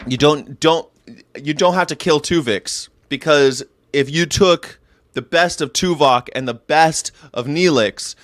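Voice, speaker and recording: A man's voice: on the high side, measured pace, fairly bright tone, no room sound. A man hosting a daily vlog, with rambling, jokey talk and frequent laughs. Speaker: host. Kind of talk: casual daily vlog monologue.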